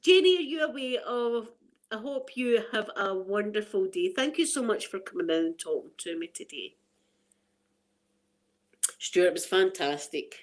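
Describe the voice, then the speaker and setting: A Scottish woman in her forties, chatting casually on a live stream and telling funny stories about herself. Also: normal speed. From Scotland. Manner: animated, self-mocking, quotes herself in a high excited voice. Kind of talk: casual live chat storytelling.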